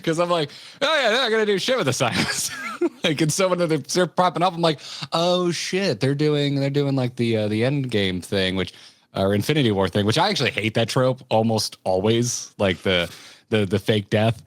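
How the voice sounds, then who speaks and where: A man hosting a podcast, chatting in a candid, expressive way and swearing casually. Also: medium pitch, normal speed, no room sound, studio quality. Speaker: podcast host.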